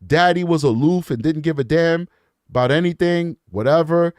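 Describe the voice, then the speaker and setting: A man's voice: a little high, normal speed, a little mellow, no echo, clean studio sound. A man hosting a true crime show, reading emails aloud and breaking off into blunt, scornful commentary aimed at his viewers. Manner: blunt, emphatic, scornful asides; talks straight to his viewers.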